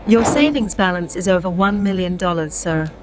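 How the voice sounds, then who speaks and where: A man's voice: high-pitched, lively intonation, moderate pace, faint music behind, voice pushed up. A man voicing a casual bank teller in a raised, light tone within a documentary narration.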